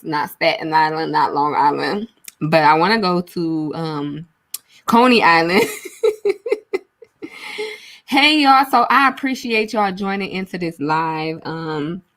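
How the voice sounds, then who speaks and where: A woman's voice: lowish voice, fairly bright tone. A young woman hosting a casual livestream on a large studio mic, chatting with viewers and reading out their comments. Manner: chatty, reads out viewer comments, says y'all often. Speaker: livestream host.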